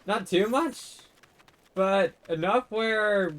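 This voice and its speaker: A man's voice: sits high, extremely slow, fairly bright tone. A man casually commenting while playing a fantasy game, chatty with self-mocking asides. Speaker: game streamer.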